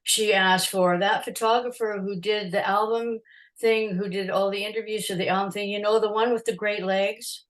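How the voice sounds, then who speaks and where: Animated older woman telling stories. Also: medium pitch, moderate pace, poor audio. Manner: animated storyteller, laughs often, acts out quotes. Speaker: podcast guest, concert photographer. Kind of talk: casual interview storytelling.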